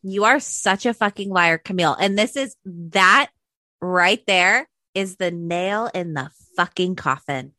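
A woman's voice: on the low side, measured pace, sharp tone, dry recording. A woman co-hosting a gossip podcast, reacting dramatically in casual chat. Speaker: podcast co-host.

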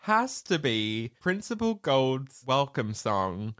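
A woman's voice: extremely low pitch, slow pace, no room sound, studio quality. A woman co-hosting a casual chat about a film, laughing often and acting out quotes. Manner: animated, laughing, acts out quotes. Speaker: podcast co-host.

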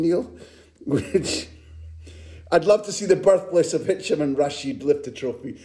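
A man's voice: fairly high pitch, expressive, a little slow, long pauses, dark tone. A man, a football correspondent, telling a rambling anecdote in casual podcast chat and laughing often.

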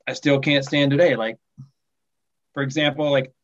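A man in his forties, a podcast guest, speaking softly in casual chat and trailing off at the ends of phrases. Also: medium pitch, fairly even intonation, moderate pace, highs cut off. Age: 40s.

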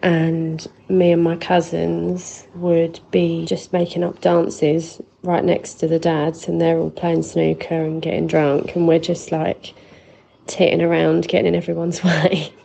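A woman's voice: low-pitched, completely flat delivery, measured pace, vocal fry, warm tone, low-quality recording. A woman leaving a chatty, nostalgic voice message for a podcast, swearing freely. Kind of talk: casual voice note.

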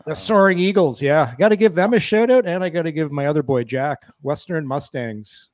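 A man's voice: a little high, a little fast, no room sound. Rambling middle-aged man, dry sound. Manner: rambling, repeats words and restarts often. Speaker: podcast co-host. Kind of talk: casual sports chat.

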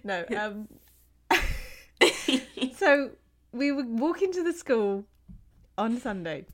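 A woman's voice: on the high side, big pitch swings, drawn-out words. Laughing, rambling New woman. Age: 40s. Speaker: podcast co-host. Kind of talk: casual chat.

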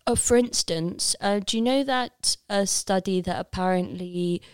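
A woman's voice: mid-range voice, measured pace, smooth, dry recording, studio quality. A young woman from Leicester, England, chatting as a podcast guest in a playful, rambling, self-mocking way. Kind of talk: casual podcast chat.

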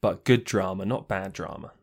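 A man hosting a podcast, chatting in a relaxed, wry way. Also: deep voice, moderate pace, gravelly. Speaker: podcast host. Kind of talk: casual chat.

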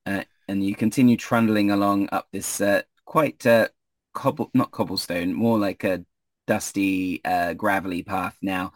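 A man's voice: low-pitched, fairly even intonation, unhurried, dry recording. A man narrating as game master for a tabletop game, hesitant and full of fillers. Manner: hesitant, many fillers, chuckling.

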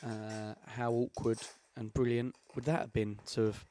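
A man's voice: mid-range voice, level tone, unhurried, warm tone, no room sound. A man co-hosting a podcast, chatting casually and joking with his guest. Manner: jokey, banters and teases. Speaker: podcast co-host. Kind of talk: casual chat.

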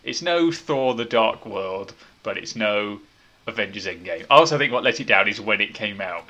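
A man's voice: lowish voice, lively intonation, moderate pace, sharp tone. A man hosting a casual movie review podcast, wry and opinionated as he leads the talk. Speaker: podcast host.

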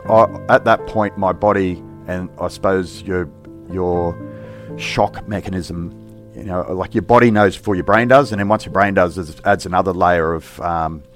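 Deep-voiced cop recounting events. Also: male voice, fairly even intonation, faint music behind. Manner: halting, reflective, plain-spoken. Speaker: police officer, interview guest. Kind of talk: recounting a personal story in an interview.

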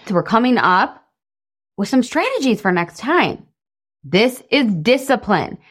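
A woman in her thirties giving a casual coaching talk, animated and laughing often, acting out quoted voices. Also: a little high, measured pace. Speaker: podcast host and weight loss coach.

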